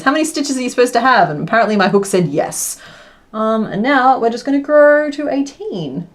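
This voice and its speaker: A woman's voice: a little high, very animated, moderate pace, pauses often. Woman streamer, casual crafting chat, laughs a lot, mumbles stitch counts. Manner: chatty and apologetic, laughs often, counts stitches under her breath. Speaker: crochet livestream host. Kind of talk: casual live-stream chat while crocheting.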